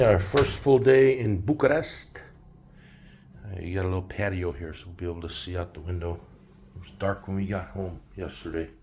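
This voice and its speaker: A man's voice: deep voice, creaky, a little hiss or hum. Chatty older man vlogging his travels. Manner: chatty, rambling storyteller with many fillers. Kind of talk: casual travel vlog. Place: apartment indoors, later city streets outdoors.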